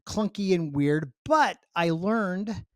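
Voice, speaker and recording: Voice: medium pitch, expressive, no room sound, clean studio sound. Chatty podcast co-host. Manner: chatty, digressive, quick to laugh. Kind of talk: casual podcast chat.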